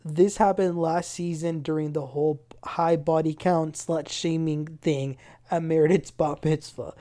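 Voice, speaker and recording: Woman host, TV recap, lively and chatty, mellow low voice. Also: a little slow. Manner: animated, acts out quotes in raised pitch. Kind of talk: casual TV recap.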